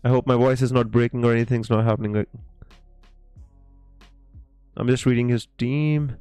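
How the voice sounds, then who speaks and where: A man's voice: medium pitch, fairly even intonation, moderate pace, a little mellow, clean tone, no echo, faint music behind. A man hosting a live stream, casually answering viewer questions with many fillers and restarts and calling people mate. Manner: reads viewer comments aloud.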